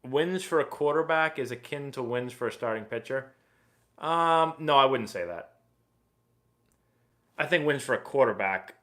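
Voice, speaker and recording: Easygoing guy in his 30s, chatting through viewer questions on a live stream, mid pitch. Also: normal speed, pauses often. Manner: relaxed, chatty, reads viewer questions aloud. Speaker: livestream host and former pro baseball player. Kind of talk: casual live Q&A chat.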